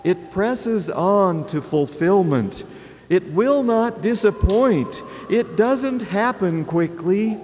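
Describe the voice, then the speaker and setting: Slow older man preaching in a church. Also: a little high, expressive, a little mellow, in a large hall, a little hiss or hum. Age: 70s. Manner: slow, deliberate, with rhetorical questions. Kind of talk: sermon.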